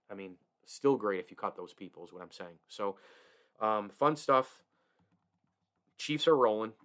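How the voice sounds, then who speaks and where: A man's voice: fairly low pitch, fairly bright tone. A man hosting a solo sports podcast, opinionated and emphatic, with frequent restarts and chuckles. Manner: reads host-read ads.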